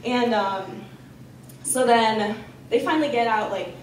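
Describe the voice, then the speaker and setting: A young woman with a fairly high voice tells a personal story at a campus storytelling night. She talks in an animated, chatty way, with lots of "like." The sound is roomy and echoey, as if she is well back from the mic. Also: measured pace, a little hiss or hum. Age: young adult. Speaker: student storyteller. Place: campus lounge storytelling event. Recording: echoey room, voice from far off.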